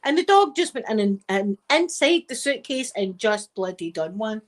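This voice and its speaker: Casting note: middle-aged Scottish woman, soft chatty ASMR host, meandering storyteller. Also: a little high, big pitch swings, normal speed. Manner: chatty and rambling, with frequent wee and laughter. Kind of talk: soft-spoken casual chat.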